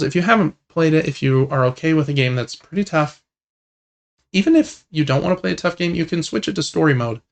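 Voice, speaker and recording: Gravelly young man chatting about games. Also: fairly high pitch. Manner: relaxed, rambling, enthusiastic about games. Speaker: podcast co-host. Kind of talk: casual gaming podcast chat.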